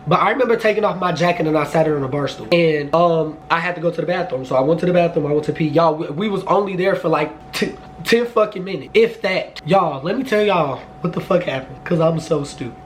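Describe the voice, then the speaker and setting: A man in his twenties telling a storytime vlog, animated and profane, jumping into high excited outbursts. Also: fast, few pauses. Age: 20s. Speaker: vlogger.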